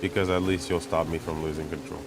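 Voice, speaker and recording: A man giving chatty, self-mocking commentary while playing a racing game, getting excited when he pulls ahead. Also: sits low, fast talker. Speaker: gamer commentating his play. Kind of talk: casual gameplay commentary. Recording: game engine noise behind voice. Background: racing game car sounds.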